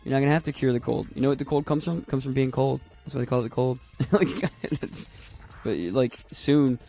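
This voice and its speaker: A man's voice: medium pitch, fairly quick, gravelly, dark tone, soft background music. A man chatting casually and rambling while he plays a video game on stream, laughing often. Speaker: gaming streamer. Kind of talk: casual chat while playing.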